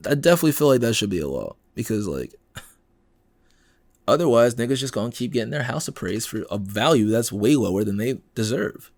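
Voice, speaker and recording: A male podcast host ranting through the news, his voice jumping between high and low as he acts out the people in the stories. He talks at a middle pitch, close to a dry mic. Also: moderate pace, vocal fry, pauses often, dry recording. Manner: animated and exasperated, acts out quoted people, swears freely. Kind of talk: casual news commentary.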